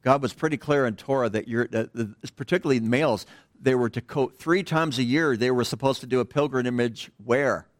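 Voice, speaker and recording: A man's voice: medium pitch, brisk, no echo, studio quality. Digressive middle-aged man preaching. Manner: digressive, drops to a hush at phrase ends. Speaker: pastor. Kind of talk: conversational sermon. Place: church.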